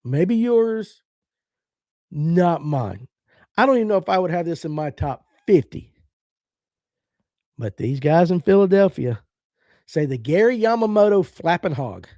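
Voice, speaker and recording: A man's voice: sits high, animated, a little slow, pauses often, darkish tone, no room sound, clean studio sound. A middle-aged man from the American South, hosting a fishing podcast in casual live-stream chat, blunt and opinionated as he reads out viewer comments.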